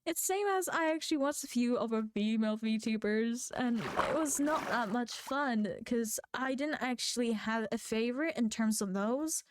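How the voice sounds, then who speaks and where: A woman's voice: fairly high pitch, clean tone, dry recording. A woman VTuber streaming a game, chatting casually in a rambling, think-aloud way. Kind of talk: casual chat while playing a game.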